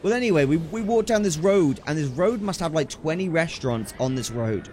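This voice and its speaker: A young British man streaming a game while telling a holiday story in a chatty, slang-filled, excitable way. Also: fairly high pitch, brisk, slight background noise. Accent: British English. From Britain. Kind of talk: casual storytelling while gaming.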